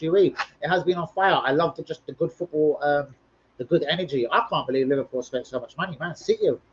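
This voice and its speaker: A man's voice: on the high side, husky, muffled recording. A man hosting a casual football live stream, rambling, swearing freely and bantering with viewers as he reads comments.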